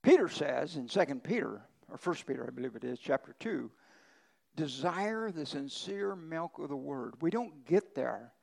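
A pastor delivers a conversational sermon, leaning on homespun ranch stories. His voice sits a little high for a man and carries a gravelly edge. He jumps up in pitch to stress a point, then drops low and quiet. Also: lively intonation, normal speed, low-quality recording. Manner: conversational preaching with folksy ranch stories, emphatic pitch swings.

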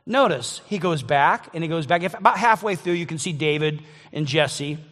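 A man's voice: on the high side, animated, moderate pace, a bit bright, long reverb tail. A man preaching a sermon in a conversational way, often restarting and repeating words as he thinks aloud. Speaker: pastor.

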